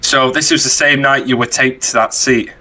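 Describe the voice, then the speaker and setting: A man's voice: medium pitch, steady tone, moderate pace, pushed and bright. A man hosting a podcast, telling anecdotes in casual chat and acting out the quotes. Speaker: podcast host.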